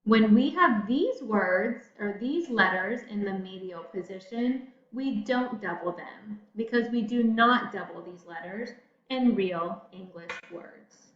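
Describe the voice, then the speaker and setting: A woman teacher giving a patient phonics lesson to children, speaking slowly and pausing for answers. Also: mid-range voice. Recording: echoey room, slightly dull sound.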